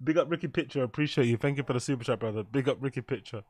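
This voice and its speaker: A young English man with an English accent, chatting casually and profanely on a live stream, joking and giving viewers shout-outs. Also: mid-range voice, very fast, no echo, studio quality. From England. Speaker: reaction streamer.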